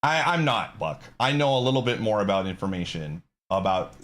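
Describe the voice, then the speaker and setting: A man's voice: lowish voice, expressive, a little fast, a bit bright. A man streaming live, ranting to his chat in a frustrated, emphatic, insistent way.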